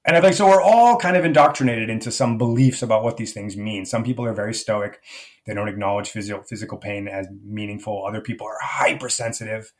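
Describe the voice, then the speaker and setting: A man's voice: lowish voice, fast talker. A man speaking as a life coach guest in a podcast interview, reflective and rambling, with many fillers and restarts.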